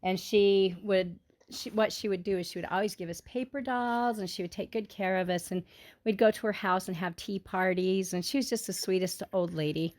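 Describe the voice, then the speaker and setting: A woman telling a personal childhood story to her family in an earnest, heartfelt, unhurried way. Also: mid-range voice, fairly even intonation, darkish tone.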